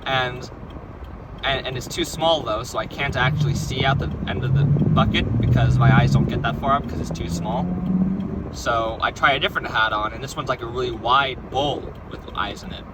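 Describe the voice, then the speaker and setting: A man's voice: medium pitch, normal speed, very noisy. A young man casually recounting a strange dream, rambling with stumbling restarts and lots of "right?" and "like". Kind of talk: casual storytelling.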